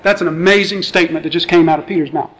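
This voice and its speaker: A pastor's slightly high, fairly bright voice moves very fast but keeps a steady tone as he gives an expository sermon. He reads scripture aloud, then explains it conversationally, using rhetorical questions. The audio is poor.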